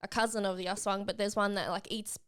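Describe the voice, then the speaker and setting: A woman's voice: medium pitch, steady tone, fast talker, fairly bright tone, clear, resonant tone. A woman co-hosting a podcast in casual chat. She explains things at length in a chatty way and laughs easily. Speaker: podcast co-host.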